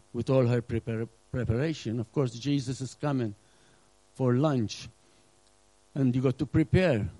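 A middle-aged male pastor preaching a sermon with earnest emphasis, now and then acting out scenes and dropping to a hush. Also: mid-range voice, dry recording, low-quality recording. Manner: earnest preaching with acted-out asides, drops to a hush.

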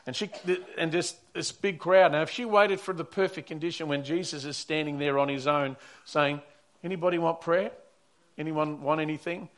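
A man's voice: a little high, fairly even intonation, moderate pace, few pauses. Earnest man preaching a sermon. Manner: earnest storytelling, often repeats and restarts words. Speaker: pastor.

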